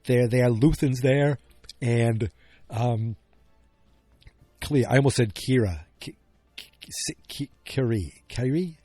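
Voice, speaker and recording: A man's voice: mid-range voice, fairly even intonation, slow pace, pauses often, mellow, dry recording, soft background music. A man hosting a podcast, recapping an episode in a casual, rambling way, often correcting himself and cracking jokes. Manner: rambling, self-correcting, jokey. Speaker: podcast host.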